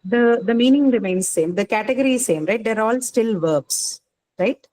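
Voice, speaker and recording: A woman's voice: on the high side, normal speed, a little mellow, slight background noise, low-quality recording. A woman teaching an online class, explaining patiently with many fillers and tag questions.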